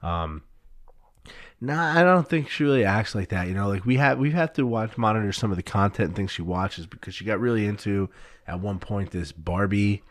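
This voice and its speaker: A man guesting on a podcast, telling animated stories bluntly and swearing freely, with a New Jersey accent. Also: on the low side, normal speed, no room sound. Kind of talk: casual chat.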